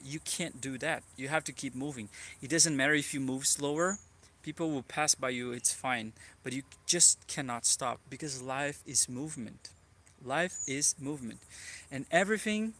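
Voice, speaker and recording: Brazilian guy rambling earnestly in a vlog, bright clear voice, lots of "like". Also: mid-range voice. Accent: Brazilian Portuguese. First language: Portuguese. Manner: rambling, earnest, many "like" fillers. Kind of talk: reflective personal vlog monologue.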